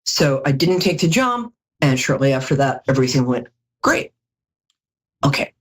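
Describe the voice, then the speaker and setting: A woman's voice: very deep voice, sing-song, moderate pace, slightly rough. A middle-aged woman reading tarot cards on a live call-in show, chatty and jokey, with storytelling asides. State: tired from lack of sleep. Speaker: psychic tarot reader.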